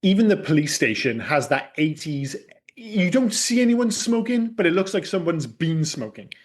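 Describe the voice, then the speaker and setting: A man's voice: a little high, sing-song, normal speed. A man hosting a casual film podcast, chatty and wry, swearing freely. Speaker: podcast host.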